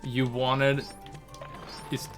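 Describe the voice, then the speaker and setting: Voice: medium pitch, level tone, extremely slow, fairly bright tone, soft background music. A person chatting casually while playing a game on stream, rambling easily and chuckling. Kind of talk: casual chat.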